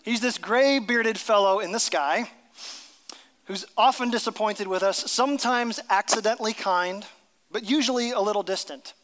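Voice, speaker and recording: A pastor preaching a sermon, telling a story and dropping to a hushed voice at tender moments. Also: male voice, high-pitched, normal speed, in a large hall.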